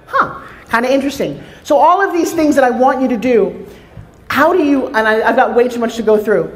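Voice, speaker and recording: A woman with a New York accent giving an energetic motivational stage talk, telling stories with asides to the audience. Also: on the high side, a little fast. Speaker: motivational speaker. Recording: echoey hall.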